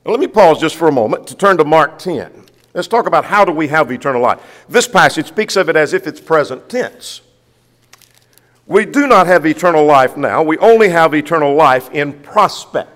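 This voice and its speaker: A man's voice: on the high side, lively intonation, moderate pace, fairly bright tone. A man preaching a sermon, emphatic, asking rhetorical questions and reading scripture aloud. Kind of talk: sermon, Bible study. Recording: long hall reverb.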